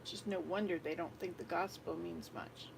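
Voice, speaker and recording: An older woman serving as a missionary, telling a family story in a rambling, animated way and acting out the dialogue. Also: fairly low pitch, normal speed, vocal fry, a little hiss or hum, poor audio. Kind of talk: casual storytelling vlog.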